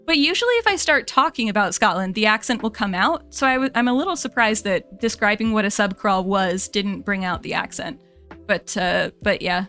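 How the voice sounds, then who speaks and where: A woman's voice: medium pitch, animated, normal speed, bright, forceful tone, faint music behind. A young American woman streamer, chatting casually to her viewers, rambling and laughing and correcting herself as she goes.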